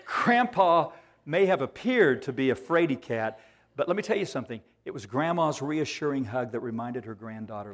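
A man's voice: medium pitch, expressive. Emphatic male preacher. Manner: emphatic, repeats phrases, slows for key words. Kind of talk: sermon.

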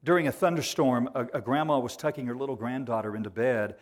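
Emphatic male preacher. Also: medium pitch. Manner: emphatic, repeats phrases, slows for key words. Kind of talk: sermon.

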